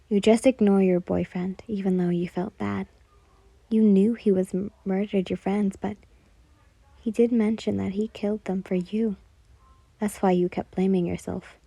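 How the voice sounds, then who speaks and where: A woman reads a second-person fan story softly, slipping into near-whispers at times. Her voice is mellow and warm, recorded close in a dry, dead room. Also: medium pitch, flat delivery, normal speed, vocal fry, pauses often, husky, no room sound.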